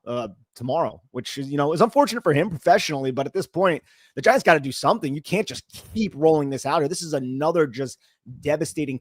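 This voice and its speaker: A man's voice: fairly high pitch, no echo, clean studio sound. A man co-hosting a sports podcast, ranting in a frustrated, emphatic way. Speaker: podcast co-host.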